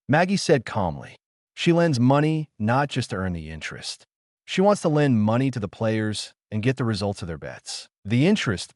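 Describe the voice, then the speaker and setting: A man's voice: medium pitch, no echo, studio quality. A man narrating an audiobook of a translated novel in a plain reading manner.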